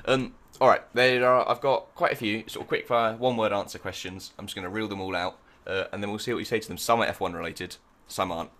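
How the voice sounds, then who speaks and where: A man hosting a podcast, reeling off quickfire questions in a brisk, casual way. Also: fairly low pitch, steady tone, fairly bright tone. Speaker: podcast host.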